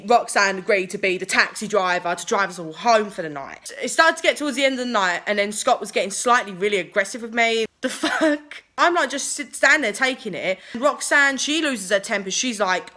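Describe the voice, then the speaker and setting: A woman's voice: mid-range voice, expressive, brisk, few pauses, bright, forceful tone. A young woman telling a dating story on her vlog in a chatty, sweary way, full of fillers. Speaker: vlogger. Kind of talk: casual storytime.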